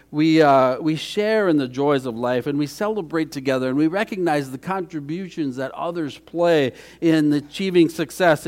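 A middle-aged man preaching a conversational sermon as pastor, folksy and chatty, with frequent restarts. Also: a little high.

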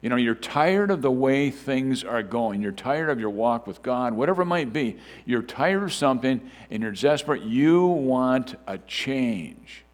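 A man delivers a sermon in a loose, conversational manner, often restarting his sentences. His pitch sits in a middle register but moves around a lot, lively and animated. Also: a little slow, hardly any pauses. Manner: conversational preaching with frequent fillers and restarts. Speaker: pastor.

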